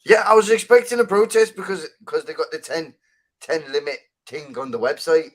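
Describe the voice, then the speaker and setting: A man's voice: on the high side, moderate pace. Chatty man telling an anecdote. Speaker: chat participant. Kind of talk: casual voice chat.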